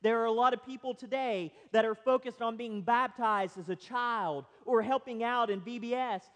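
A man's voice: very high-pitched, fairly bright tone. A man preaching a sermon as pastor, telling everyday stories with humor before pressing his points. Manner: storytelling with humorous asides, building to emphatic points. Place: church sanctuary. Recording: long reverb of a church hall.

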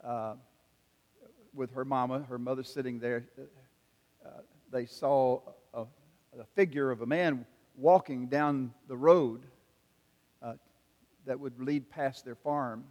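An older man preaches with earnest, measured pacing and frequent pauses. His mid-pitched voice carries a long reverb from a large hall. He tells stories in the slow, deliberate cadence of a pastor. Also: steady tone, a little mellow. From South Carolina. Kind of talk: sermon with storytelling.

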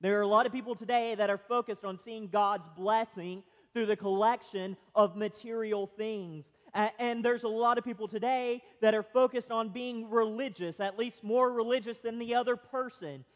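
Male pastor, very high voice, preaches with lively anecdotes, church reverb. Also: normal speed, hardly any pauses. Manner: storytelling with humorous asides, building to emphatic points. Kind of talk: sermon. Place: church sanctuary. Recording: long reverb of a church hall.

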